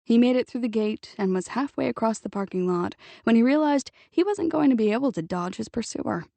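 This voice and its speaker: A woman reading a novel aloud as audiobook narrator in a measured, even storytelling manner on a close mic. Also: on the high side, vocal fry, dry recording. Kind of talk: scripted narration.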